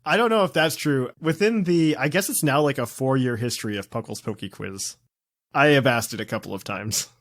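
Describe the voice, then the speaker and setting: A man's voice: medium pitch, a little fast, fairly bright tone, no echo, clean studio sound. Man running a playful podcast quiz. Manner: reads quiz questions, playful teasing. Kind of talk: casual podcast chat.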